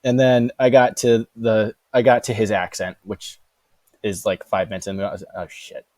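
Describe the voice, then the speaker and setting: A man co-hosting a casual podcast chat. He speaks in a halting, wry, understated way. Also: fairly low pitch, level tone, a little mellow, dry recording.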